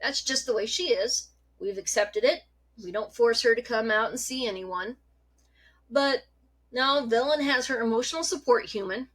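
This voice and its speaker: Woman vlogger, casual storyteller, higher-pitched, animated and foul-mouthed. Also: normal speed. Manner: chatty, animated, swears freely.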